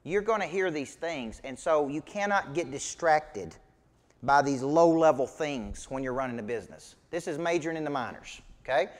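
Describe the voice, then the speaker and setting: Southern male business coach, punchy and folksy, slightly high pitch, long hall reverb. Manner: emphatic, folksy, rhetorical questions. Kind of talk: motivational seminar teaching.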